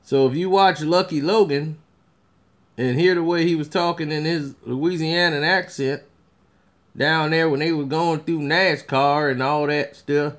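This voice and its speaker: His voice sits fairly high, with a steady tone and measured pace, as this man casually previews upcoming films on his review vlog. He rambles, restarting often and filling gaps with fillers.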